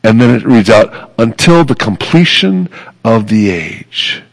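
Slow gravelly-voiced male preacher. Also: medium pitch, big pitch swings, poor audio. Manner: earnest, emphatic preaching with repeated phrases. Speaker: pastor. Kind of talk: sermon.

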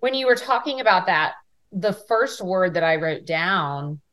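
A woman hosts a podcast interview in a conversational manner and ties what her guest says back to her own work. Her voice sits slightly low. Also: lively intonation, unhurried, a bit bright. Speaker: podcast host.

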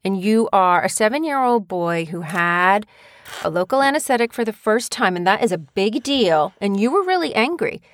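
A woman's voice: mid-range voice, normal speed, no room sound. A woman, co-hosting a casual chat with her young son and turning stories into lessons. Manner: animated storytelling, teaching tone. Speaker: podcast co-host, mother. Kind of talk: casual parent-child chat.

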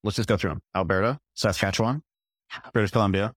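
A thirties man co-host, low voice, dry close mic, rambling trivia talk. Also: steady tone, fast, no echo. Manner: rambling, hesitant, fond of trivia. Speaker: podcast co-host. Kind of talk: casual chat.

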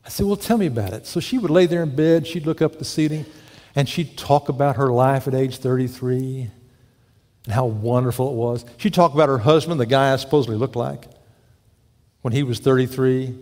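A man's voice: medium pitch, steady tone, fairly quick, darkish tone. A male pastor preaching a sermon, telling folksy stories and putting questions to the congregation. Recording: long echo of a large hall.

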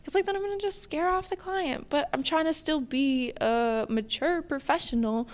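A woman in her twenties from Wisconsin, a podcast guest telling a story in a ranting, animated way with lots of filler words. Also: sits high, moderate pace. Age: 20s. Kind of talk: casual podcast chat.

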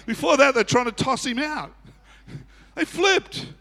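A man preaching a sermon as pastor, swinging from quiet asides to loud shouting and often chuckling. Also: extremely high pitch, a little fast, creaky. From Australia. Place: church auditorium. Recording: echoey church hall.

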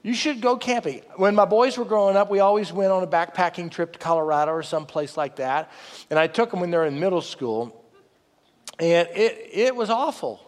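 A middle-aged man preaching a sermon, telling a story in a folksy, humorous way and dropping low and quiet for quoted asides. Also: fairly quick. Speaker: pastor. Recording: reverberant hall.

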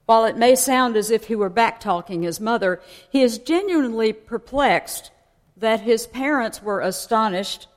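A woman's voice: a little high, lively intonation, normal speed. A woman preaching a sermon in a conversational way, explaining and asking her listeners questions. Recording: long hall reverb.

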